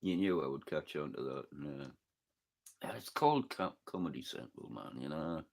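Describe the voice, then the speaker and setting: Sweary northeast English man, very deep. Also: expressive, moderate pace, gravelly, darkish tone. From northeast England. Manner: sweary, joking, rambling. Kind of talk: casual chat reading live comments.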